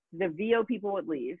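A woman's voice: lowish voice, husky, no echo. A woman in her forties, a voice actor, telling stories in a casual podcast chat and acting out the voices of people she quotes. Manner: animated storyteller, acts out quoted voices. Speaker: voice actor guest. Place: home in Los Angeles. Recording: tinny phone-like line, dry.

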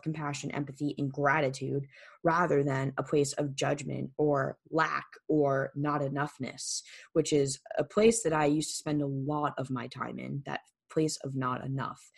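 A woman's voice: sits low, darkish tone. A woman hosting a solo podcast, talking candidly and casually, swearing freely and repeating words for emphasis into a microphone. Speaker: podcast host. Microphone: studio microphone.

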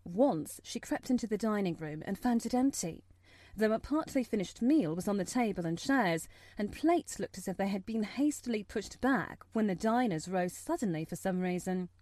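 A woman reading a story aloud as an audiobook narrator, measured and expressive. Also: medium pitch, no room sound.

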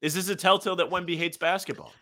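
A man's voice: high voice, fairly even intonation, fast, sharp tone. A young man co-hosting a casual sports podcast, cracking sarcastic, wry jokes. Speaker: podcast co-host.

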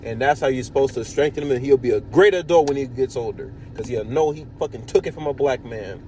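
A man hosting a podcast in casual chat, telling profane, animated stories. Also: mid-range voice, fast, slight background noise. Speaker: podcast host.

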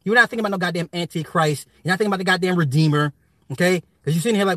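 A man's voice: high-pitched, rapid-fire, pushed and bright, no echo. A man ranting casually to his viewers, profane and rambling, laughing often. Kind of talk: casual rant.

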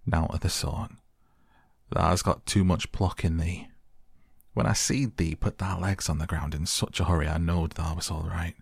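A man's voice: deep voice, fairly even intonation, normal speed, creaky, husky, no room sound, full character voice. A man voicing a dry, blunt old male gardener. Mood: gruff.

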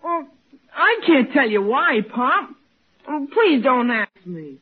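Shy pleading teen boy, very high voice, slow, lo-fi old radio. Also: sing-song, full character voice. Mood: reluctant. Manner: reluctant, pleading. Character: timid, sulky teenage boy. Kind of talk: 1940s radio comedy acting.

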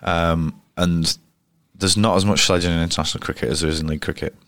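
A low, steady-toned voice that moves fast, fairly bright, in a dry recording. The speaker, a Yorkshire-accented cricketer appearing as an interview guest in a pub, rambles bluntly through casual stories, restarting often.

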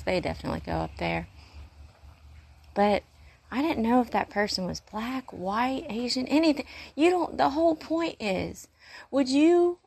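A woman's voice: medium pitch, creaky, husky. A woman who works in urgent care, talking in a casual faith-based monologue, earnest and rambling with a preachy streak, pacing as she talks. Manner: paces while talking.

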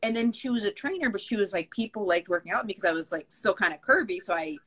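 A woman's voice: medium pitch, expressive, fast, a bit bright, slightly rough, low-quality recording. A young woman co-hosting a casual chat, telling a long story with lots of "like" and plenty of swearing. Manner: rambling, lots of "like", swears freely. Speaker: podcast co-host.

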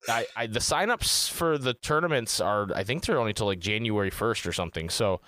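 A man's voice: fairly low pitch, expressive, a little fast, pushed and bright. A man co-hosting a gaming podcast in casual chat, rambling and swearing freely. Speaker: podcast co-host.

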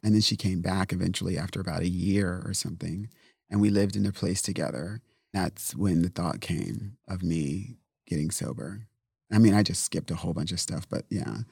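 A man's voice: low-pitched, moderate pace, vocal fry, darkish tone, husky, no room sound, studio quality. A man as an interview guest, telling a personal story candidly and bluntly, with swearing and acted-out quotes. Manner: blunt, profane, rambling retelling with acted-out quotes.

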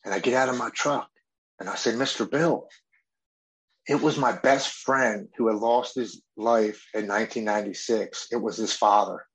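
Speaking at a normal pace in a steady, low-ish voice, a thirtysomething man earnestly recounts his journey through addiction and into recovery. The recording quality is poor, and his emotional account is full of quoted inner speech and things he once said.

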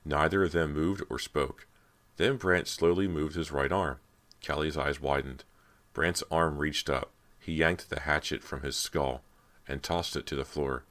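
A man's voice: extremely low pitch, fairly even intonation, unhurried, fairly bright tone. A man narrating a horror audiobook in a dramatic storytelling manner. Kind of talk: scripted narration.

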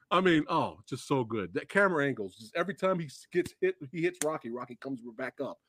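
A man hosting a podcast, excitedly chatting about films, swearing often and acting out favorite movie lines. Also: fairly high pitch, quick pace, hardly any pauses, dry recording, clean studio sound. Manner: excitable, profane, acts out movie quotes. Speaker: podcast host. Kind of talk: casual movie chat.

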